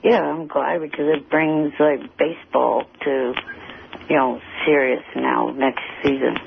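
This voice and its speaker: A man calling in as a guest on a radio show, giving terse, flat answers. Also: mid-range voice, unhurried, gravelly. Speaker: phone-in guest. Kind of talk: curt on-air phone replies. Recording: muffled radio broadcast with faint hiss.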